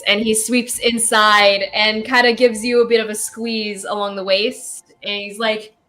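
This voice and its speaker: A woman narrating as game master in a relaxed way, with many fillers. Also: medium pitch, unhurried, hardly any pauses, faint music behind.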